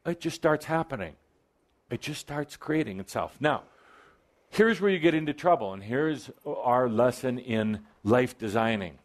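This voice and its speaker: A man channeling a spiritual teacher to a live audience, speaking with wry, playful asides and sudden emphatic bursts. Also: medium pitch. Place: event hall with live audience.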